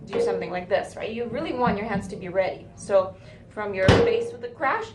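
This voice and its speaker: A woman's voice: medium pitch, expressive, brisk, over loud music. A woman teaching drum fills in a video lesson, explaining step by step and often checking in with "right?". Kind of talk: video lesson, counting rhythms aloud. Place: music school room with drums. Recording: echoey room with loud drumming.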